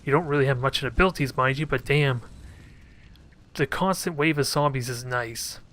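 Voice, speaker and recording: A man's voice: medium pitch, moderate pace, a bit bright. A man commenting casually on his own strategy gameplay, thinking aloud and cracking joking asides at his units. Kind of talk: casual let's play commentary.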